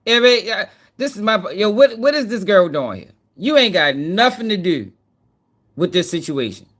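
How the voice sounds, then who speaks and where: A man hosting a casual reaction commentary, profane and excitable, talking straight to his viewers. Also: sits high, normal speed. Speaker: news commentary host.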